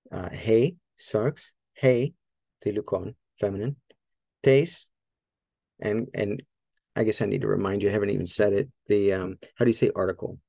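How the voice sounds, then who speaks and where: Gravelly-voiced man teaching Greek. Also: lowish voice, mellow, dry recording. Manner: thinks aloud, checks himself, many fillers; repeats Greek words slowly to model them. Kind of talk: casual spoken lesson.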